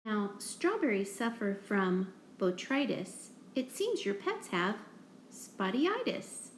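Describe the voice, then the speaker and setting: A cheerful storybook vet hands out cures with brisk confidence, as a woman reads her aloud. The voice bounces lively and unhurried, in a room full of echo. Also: medium pitch, slight background noise. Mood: confident. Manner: brisk, reassuring. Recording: roomy echo.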